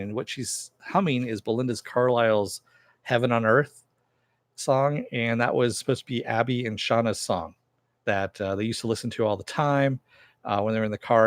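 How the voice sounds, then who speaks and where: A man's voice: medium pitch, dry recording. A man hosting a casual TV episode recap and review, talking loosely with lots of fillers and jokey asides.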